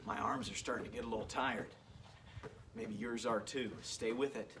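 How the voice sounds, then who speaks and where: Speaking in a steady, low-ish voice at a moderate pace, a man runs a home workout as a PE coach. The mic is distant and there's noise behind him. He's upbeat, encouraging and jokey, and at times a bit out of breath.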